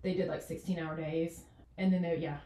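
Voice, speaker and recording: A doctor in her forties, guesting casually on an interview, speaks in a low, steady, mellow voice that runs a little fast. Her talk is rambling, with many fillers and restarts, captured off-mic in an echoey room.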